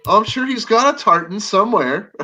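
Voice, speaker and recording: A man's voice: high-pitched, sharp tone, highs cut off. A man hosting a livestream panel in casual chat, joking and laughing often. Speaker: livestream host.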